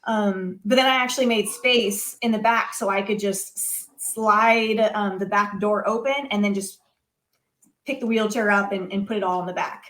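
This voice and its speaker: A young adult woman telling a story as an interview guest, casual and animated, with many fillers. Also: mid-range voice, moderate pace. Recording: echoey room.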